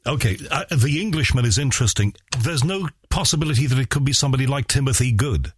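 Husky-voiced male host. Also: medium pitch, expressive, fast talker, dry recording, clean studio sound. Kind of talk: casual interview chat.

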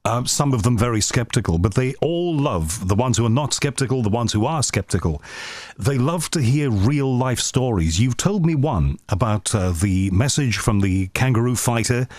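A man's voice: mid-range voice, animated, normal speed, a little mellow, dry recording. A man hosting, interviewing a guest with conversational, probing questions. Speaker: radio host.

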